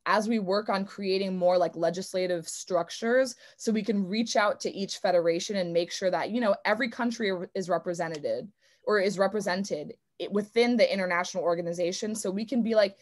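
A woman's voice: mid-range voice, brisk. A young adult woman, a swimmer speaking at an online convention, talking casually and earnestly with many fillers.

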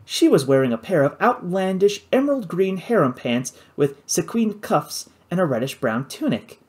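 A man narrating an adventure novel in the first person, with an expressive storytelling delivery. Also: high-pitched, moderate pace. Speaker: audiobook narrator.

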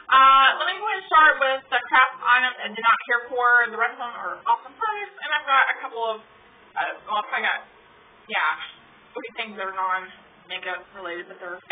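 A woman's voice: on the high side, recorded from a distance. A chatty woman beauty vlogger rambles through a product review with blunt opinions. She sits a little back from her phone, and the sound comes through thin and tinny. A faint hum of noise runs underneath.

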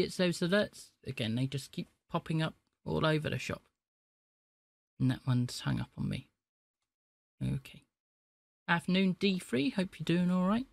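A man with a creaky mid-range voice live-streams himself prank-calling scammers, chatting with his viewers between calls. There's no echo on the audio.

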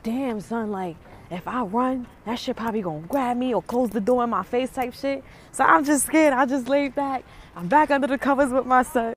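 Animated, swearing woman telling a story. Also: medium pitch, a little hiss or hum. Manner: animated, profane, dramatic. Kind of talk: casual storytelling to camera.

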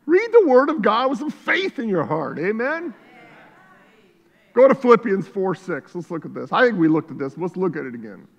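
A man preaching a sermon as pastor, shifting between quiet reflection and loud fervor, recorded in a church sanctuary. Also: high voice, big pitch swings, moderate pace, vocal fry, muffled recording. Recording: church hall reverb.

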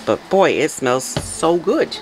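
A woman hosting her soap making channel, chatting casually to viewers with a raspy early-morning voice and frequent laughs. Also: low voice, very animated, takes it slowly, soft background music, low-quality recording. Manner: chatty, laughs often, talks to viewers directly. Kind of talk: casual tutorial chat.

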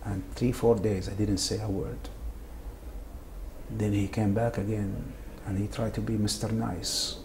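A man's voice: on the low side, little pitch movement, darkish tone. A man speaking in an interview, who halts and repeats words as he recounts what he went through; his first language is Arabic. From Saudi Arabia. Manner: halting, repeats words often. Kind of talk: emotional interview testimony. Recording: faint background noise.

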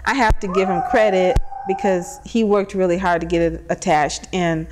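A woman's voice: lowish voice, steady tone, moderate pace, a little mellow, slight background noise. A woman, mother of a young patient, telling her story in a casual, chatty way with many fillers and quoted dialogue. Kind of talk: casual personal account.

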